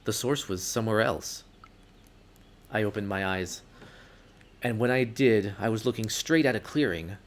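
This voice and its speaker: A man reading a story game aloud in the first person, expressive with sudden outbursts. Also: fairly low pitch, moderate pace, pauses often.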